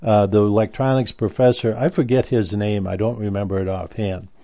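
Older man with a mellow, low voice. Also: level tone. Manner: rambling, halting storytelling with many restarts. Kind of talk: casual spoken recollection.

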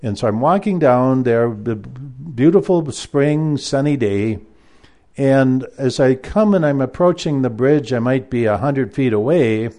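A man recounts a personal story in a loose, rambling way, full of fillers and restarts. His voice sits at a medium pitch with a mellow, warm color. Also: animated, a little slow. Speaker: former university math lecturer.

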